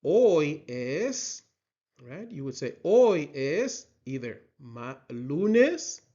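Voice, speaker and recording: A man's voice: on the high side, sing-song, dark tone. A man teaching a lesson, drilling words for the listener to repeat and checking in with "right?". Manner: slow, patient drilling with frequent "right?" checks. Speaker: Spanish teacher. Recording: slightly dull lo-fi sound.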